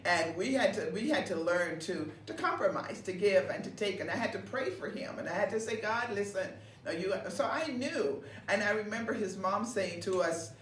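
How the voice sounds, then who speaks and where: A woman pastor co-hosting a ministry broadcast, telling stories in a lively way, laughing often and repeating her words. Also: mid-range voice, moderate pace, hardly any pauses. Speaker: pastor and co-host. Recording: roomy, distant mic with faint background noise.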